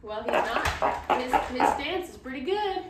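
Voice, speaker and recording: A woman's voice: high-pitched, sing-song, measured pace, heavy background noise. A woman who breeds dogs, talking through a puppy's temperament test and cooing at it in baby talk. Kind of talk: casual commentary while handling a puppy. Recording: echoey room, from a distance.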